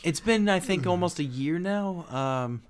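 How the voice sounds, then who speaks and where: A man's voice: high-pitched, lively intonation, unhurried, smooth, voice pushed up. A man voicing a grimy male rat-master who lives in the sewers and hesitates as he speaks. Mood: hesitant.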